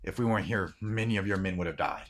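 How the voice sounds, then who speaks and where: A man's voice: low-pitched, quick pace, fairly bright tone. A man voicing a blunt young lord. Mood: stern. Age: late 20s. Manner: blunt, commanding questions. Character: stern young lord at a castle gate.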